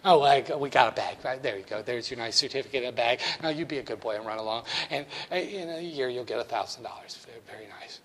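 A man's voice: mid-range voice, fast talker, a little hiss or hum, pitched below the performer's own voice, close to an everyday voice. A male lecturer voicing Mabel, a chatty, fussing older woman cashier who dotes on her customer. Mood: fussy. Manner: fussing, doting, patronizing.

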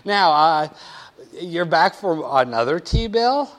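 A man's voice: on the high side, big pitch swings, takes it slowly, fairly bright tone, heavily acted. A man in a classroom role-play, voicing a chatty, pushy woman who hosts an auction and fusses over a young buyer in folksy sales patter. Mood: fussing.

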